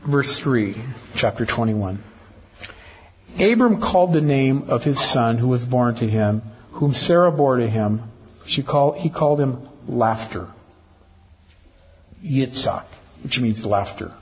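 A man's voice: medium pitch, animated, slow, long pauses, husky. An older man preaching a sermon to his congregation, with teasing asides to the ladies in the pews. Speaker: pastor. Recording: dull lo-fi church recording.

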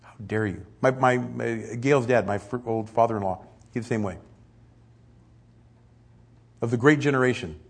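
Husky-voiced man preaching a sermon. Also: mid-range voice, moderate pace, pauses often. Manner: conversational, animated, acts out quotes. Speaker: pastor.

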